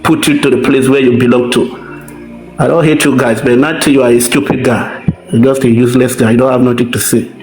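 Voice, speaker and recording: A man's voice: medium pitch, fairly even intonation, brisk, a little mellow, faint music behind. A man scornfully insulting someone on a livestream, with swearing. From Nigeria. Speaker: livestream debater. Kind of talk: heated livestream argument. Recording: roomy echo.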